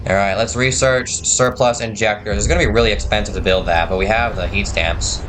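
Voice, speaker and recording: Male gamer, casual commentary, mid-pitched, chatty and quick with asides. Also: fairly even intonation, fairly bright tone, slight background noise.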